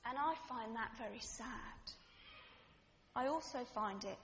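A woman's voice: a little high, measured pace, fairly bright tone, a little hiss or hum. A woman preaching a sermon, earnest and reflective, building her points through repeated rhetorical phrases. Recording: dull, reverberant hall recording.

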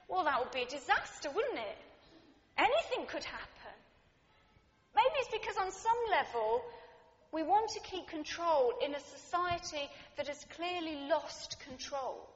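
Woman preaching a sermon in a reverberant hall. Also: high-pitched. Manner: earnest, reflective, builds through repeated rhetorical phrases. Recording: dull, reverberant hall recording.

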